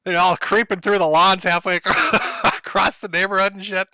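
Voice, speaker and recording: A man's voice: high-pitched, level tone, moderate pace, bright, forceful tone, clean tone, no room sound, clean studio sound. A man hosting a casual livestream from home, ranting sarcastically with frequent laughs, swearing and mock-tragic asides. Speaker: livestream host. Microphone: headphones and desk mic.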